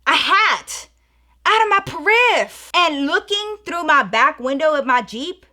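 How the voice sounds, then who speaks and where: A young adult woman telling a story in a casual vlog, chatty and animated, talking straight to her viewers. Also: sits high, unhurried. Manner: chatty, animated, addresses viewers as girl and y'all. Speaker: storytelling vlogger.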